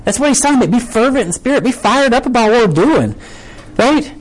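A man's voice: very high-pitched, animated, fast talker, poor audio. A man preaching a casual sermon, conversational and full of rhetorical questions. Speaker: pastor.

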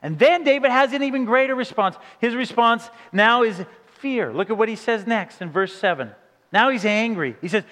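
A man preaching a sermon with dramatic delivery, dropping to hushed low passages and rising into emphatic questions. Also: expressive, moderate pace. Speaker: pastor. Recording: long hall reverb.

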